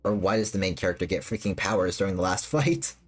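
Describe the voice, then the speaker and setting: A woman's voice: a bass voice, fast, husky. A woman streamer chatting casually with her live chat, rambling and repeating herself with lots of fillers. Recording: faint music behind.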